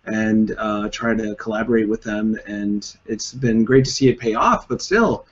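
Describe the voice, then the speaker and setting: A man's voice: fairly low pitch, moderate pace, dull audio. A man hosting an interview, asking curious, playful questions in a casual chat. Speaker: podcast host.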